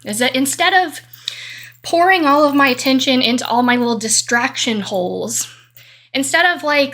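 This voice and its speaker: Woman, vlog rant, high and breathy voice, emphatic, slightly aggressive, casual swearing. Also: a bit bright. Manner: swears freely. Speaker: vlogger. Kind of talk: monologue rant.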